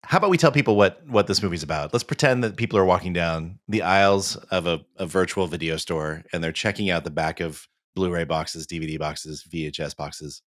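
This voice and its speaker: Low-voiced animated male podcast host. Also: a little fast, few pauses, no echo, clean studio sound. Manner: animated storytelling, acts out quotes. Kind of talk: casual chat.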